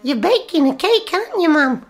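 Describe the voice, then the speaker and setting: A woman's voice: very high voice, sing-song, moderate pace, soft background music. A woman playing a cheeky, eager young boy in a radio play. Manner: chirpy, eager, questioning.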